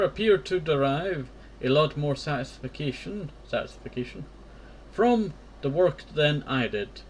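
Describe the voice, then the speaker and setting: A man with a slightly higher voice reads a story game aloud at a slow, deliberate pace. He stumbles on words and corrects himself, and drops casual asides between passages. Faint background noise runs under his voice. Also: low-quality recording. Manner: slow reading with self-corrections and offhand asides. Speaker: gamer.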